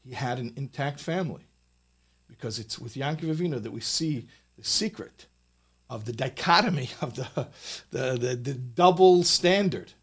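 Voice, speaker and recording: A man teaching a Torah lesson in a studio. He speaks emphatically, rises higher and louder to stress his points, and often repeats words as he teaches. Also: moderate pace, husky. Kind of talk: recorded Torah talk with a closing blessing.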